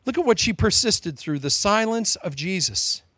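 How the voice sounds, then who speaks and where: A man preaching a sermon, switching between animated storytelling and joking asides, calling listeners "loved one.". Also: high-pitched, moderate pace, dry recording.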